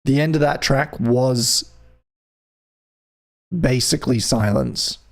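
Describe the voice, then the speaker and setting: A man's voice: mid-range voice, slow, creaky. A man from the UK hosting a live music stream, chatting casually and playfully with his viewers in a rambling, teasing way. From United Kingdom.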